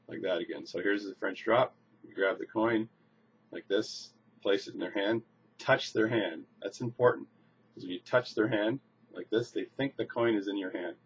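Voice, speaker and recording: A man casually demonstrating a coin magic trick, relaxed and restarting phrases as he shows each move. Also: on the low side, slightly rough. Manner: relaxed, repeats words and restarts while demonstrating. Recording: slightly dull lo-fi recording with faint noise.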